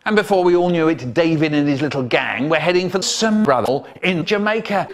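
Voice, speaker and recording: A man telling a comic story in an animated way, with sudden high bursts. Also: a little fast, a little hiss or hum. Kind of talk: comic storytelling, spliced clips.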